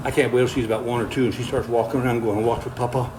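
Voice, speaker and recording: Walking on a treadmill during a livestream, an older man reads viewer comments aloud, a bit out of breath but folksy and relaxed, chuckling often. He talks rapid-fire in a mid-range, level, darkish voice, and the rough recording carries slight background noise.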